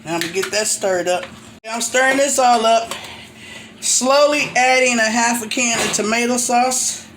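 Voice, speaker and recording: Cooking in her own kitchen, an older woman talks viewers through her recipe step by step in a homey, casual way. She speaks at a moderate pace with a fairly high voice, while pots and cutlery clatter noisily behind her.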